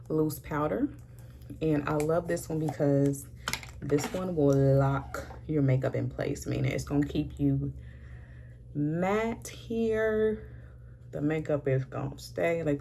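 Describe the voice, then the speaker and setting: A chatty woman in her thirties talks through her makeup routine, dropping "honey" into nearly every line. Her voice sits low and gravelly, with a dark, mellow tone. A faint hiss runs under the recording. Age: 30s. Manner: chatty, sassy, says "honey" a lot. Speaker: beauty vlogger. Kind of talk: casual makeup chat.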